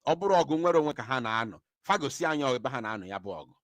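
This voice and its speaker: Fiery man, lively pitch. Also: rapid-fire, dry recording. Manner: fiery, emphatic, mixes Igbo and English. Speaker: political commentator. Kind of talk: impassioned commentary.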